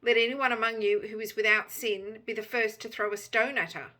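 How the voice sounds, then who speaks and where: A woman voices a serene prophet in a told story. He speaks quietly and without hurry. The voice stays clear and bright. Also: a little high, steady tone. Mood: calm. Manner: quiet and unhurried. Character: calm gentle male prophet, quietly forgiving.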